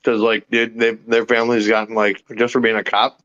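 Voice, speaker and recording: A man's voice: on the low side, completely flat delivery, a little fast, fairly bright tone, highs cut off. A man in casual chat, arguing his point, swearing freely and chewing as he talks. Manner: talks while eating, swears freely, argumentative.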